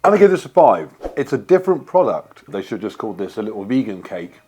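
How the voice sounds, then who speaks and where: A man's voice: fairly low pitch, sing-song, fairly quick, warm tone, soft background music. Playful man taste-testing food. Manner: playful, chatty, joking. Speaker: vlogger host. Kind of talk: casual food taste-test chat.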